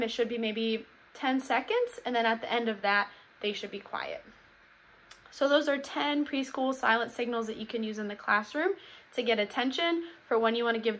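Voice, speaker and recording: A woman's voice: on the high side, a bit bright. Upbeat woman teacher explaining classroom signals. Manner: upbeat and explanatory, acting out classroom call-and-response chants. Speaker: preschool teacher. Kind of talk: instructional talk to teachers.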